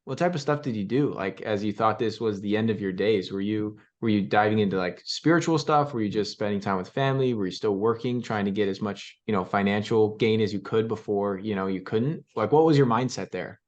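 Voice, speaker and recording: A man's voice: on the low side, a little fast, few pauses, a little mellow, muffled recording. A young man hosting a podcast, casual and upbeat, asking long rambling questions. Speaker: podcast host. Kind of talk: conversational interview.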